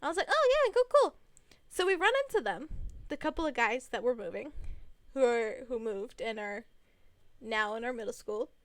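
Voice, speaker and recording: A woman's voice: on the high side, moderate pace, no echo. A young adult woman in casual storytime narration, chatty and rambling with many fillers.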